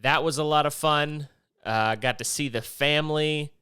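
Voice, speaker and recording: A man's voice: fairly high pitch, moderate pace, bright, forceful tone, clean tone, no room sound, studio quality. Rambling, profane podcast host man. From Maryland. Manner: rambling, profane, jumps between topics. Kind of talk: casual solo podcast monologue.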